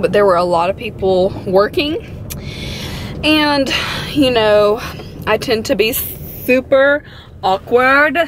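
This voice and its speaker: A woman vlogging casually into her phone, chatty and gushing with excitement. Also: on the high side, slight background noise, rough recording. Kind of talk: casual vlog chat.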